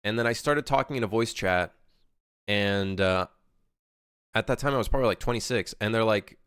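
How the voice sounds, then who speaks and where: A man's voice: fairly low pitch, normal speed, long pauses, a bit bright, clear, resonant tone, no echo, studio quality. A man in his late twenties, a game developer chatting casually on a livestream as he works, reading chat aloud and rambling with plenty of swearing. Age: late 20s.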